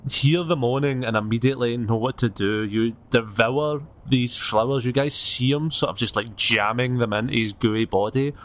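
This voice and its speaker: A man narrating as game master in a relaxed, casual way. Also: medium pitch, normal speed, few pauses. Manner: casual, loose, filler-heavy.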